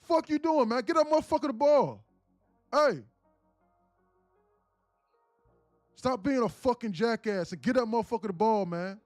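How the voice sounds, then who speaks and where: A man putting on the voice of a loud, profane basketball coach yelling at his players. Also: very high voice, fairly quick, no room sound, studio quality, faint music behind, voice pushed up. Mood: furious yelling. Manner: screaming, cursing.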